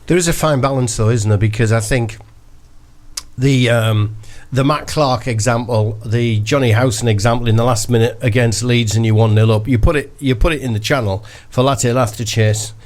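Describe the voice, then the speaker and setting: Bloke hosting a footy pod, chatty and excited, lots of uhs. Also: male voice, medium pitch, normal speed. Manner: chatty, enthusiastic, lots of fillers. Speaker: podcast host. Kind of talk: casual football chat.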